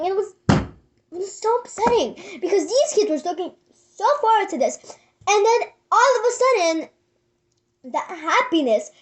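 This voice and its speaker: A woman with a very high, light voice tells a story to camera in loose, casual chat. She rambles with many fillers and restarts and sometimes drops to a near whisper. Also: very animated, normal speed. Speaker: vlogger.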